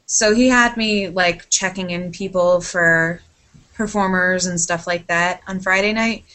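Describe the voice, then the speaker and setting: A woman's voice: fairly low pitch, steady tone, measured pace, pushed and bright. A woman in casual podcast chat, telling a rambling, sidetracked story with casual swearing and a lot of apologizing.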